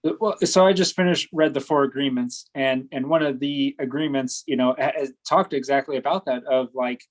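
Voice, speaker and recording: A man co-hosting a podcast in casual chat, speaking in a hesitant, measured way. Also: medium pitch, steady tone, low-quality recording. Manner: hesitant, many fillers and restarts, measured and agreeable. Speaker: podcast co-host.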